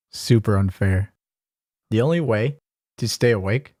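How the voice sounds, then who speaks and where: A man giving a mock-instructional comedy monologue, sarcastic and deadpan at times, stammering repeated words, then bursting into animation. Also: lowish voice, a little slow, pauses often. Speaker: comedy vlogger.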